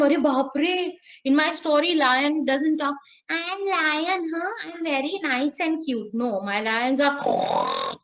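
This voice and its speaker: A woman's voice: high-pitched, lo-fi sound. A woman giving a live online lecture to teachers, playful and acting out sounds as she explains. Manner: lively, playful, acts out sounds and voices. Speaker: teacher trainer.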